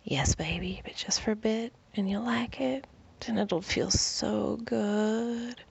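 A woman voicing a dominant, commanding male lover in a whispered role-play, speaking low and teasing. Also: slow pace, gravelly, husky, dull audio, exaggerated voice. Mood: soothing.

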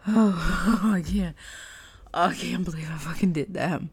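A young woman in an intimate solo audio monologue, breathy and out of breath, sighing and swearing. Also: on the low side, a little mellow. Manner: breathy, swearing, drawn-out sighs.

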